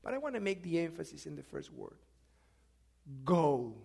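A man preaching a sermon, moving from quiet reflection to loud, emphatic questions put to his congregation. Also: a little high, wildly swooping pitch, quick pace, vocal fry.

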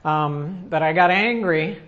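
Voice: medium pitch, takes it slowly, narrow, tinny audio. A preacher giving a sermon as a conversational personal story, with frequent restarts and questions to the audience.

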